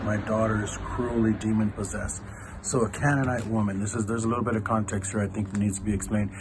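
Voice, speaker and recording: A man's voice: on the low side, background noise. A man, a church elder, gives a casual devotional talk and retells a scripture passage in everyday, conversational speech.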